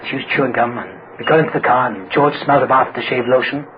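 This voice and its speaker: A man's voice: mid-range voice, fast talker. Wry man telling his story, noisy muffled tape. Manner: wry storyteller who acts out others' voices. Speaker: recovery meeting speaker. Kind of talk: humorous personal story told to an audience. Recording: muffled recording with loud background noise.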